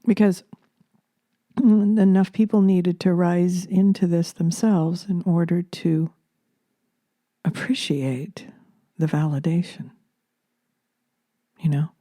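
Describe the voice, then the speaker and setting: A woman who channels spirit and hosts a podcast speaks slowly and softly into a close microphone, drifting into whispers through a reflective spiritual monologue full of pauses and hesitant ums. Her voice is very dark, mellow and a little low, with a steady tone. The sound is dry and close, with no room sound.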